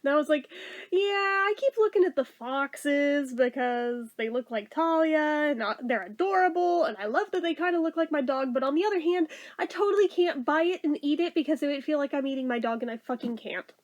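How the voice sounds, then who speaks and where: Woman, high voice, casual storytime vlog, emotional, teary, swears freely. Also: animated, a little fast, muffled recording. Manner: emotional, swearing, laughing and tearing up while telling. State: teary, welling up. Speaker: vlogger.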